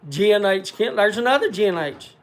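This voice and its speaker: A man's voice: high-pitched, animated, a little fast, a little hiss or hum. A man hosting a casual livestream, rambling as he reads out viewer names with lots of "uh" fillers and chatting to the audience by name. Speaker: livestream host.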